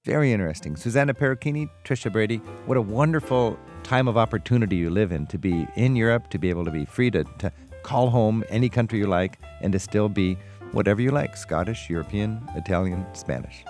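A man hosting a radio travel show, asking questions in a relaxed, conversational way. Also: lowish voice, fast talker, soft background music. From United States. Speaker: host.

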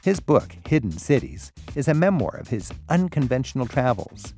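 A man's voice: medium pitch, very animated, moderate pace, dark tone, soft background music. A man hosting a radio travel interview, reading a scripted intro and then asking curious, conversational questions. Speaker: radio travel show host.

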